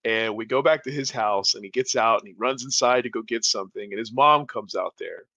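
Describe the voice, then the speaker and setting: A man telling a funny story on a podcast in a casual, animated way, laughing and acting out the people in it. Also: lowish voice, fairly quick, no echo. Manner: animated, laughing, acts out voices. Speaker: podcast co-host.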